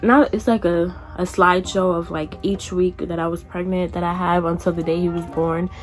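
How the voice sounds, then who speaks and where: A woman's voice: fairly low pitch, level tone, moderate pace, faint music behind. A young woman vlogger telling a casual storytime, chatty, with lots of "like" and some casual cursing. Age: young adult.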